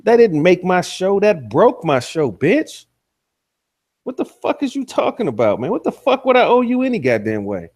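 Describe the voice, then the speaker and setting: A man's voice: high voice, huge pitch swings, moderate pace, a little mellow, dry recording, clean studio sound. A man hosting an online talk show, ranting with aggressive, profane trash talk. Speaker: host.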